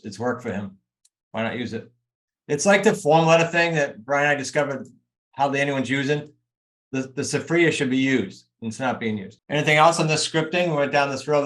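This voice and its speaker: A man's voice: mid-range voice, fairly bright tone. A man coaching a group over a video call, talking emphatically and straight to his students. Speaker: real estate coach.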